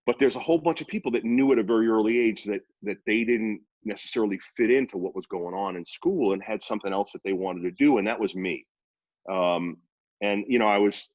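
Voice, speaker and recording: Deep-voiced man telling radio stories. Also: no room sound, muffled recording. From Worcester, Massachusetts. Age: 50s. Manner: rambling, animated anecdotes. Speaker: radio personality guest. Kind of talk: casual storytelling interview.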